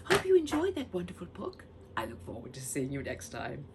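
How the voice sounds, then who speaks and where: A woman reading a children's storybook aloud, very expressive, acting out the characters as she goes. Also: rumbling low, a little fast, noisy background.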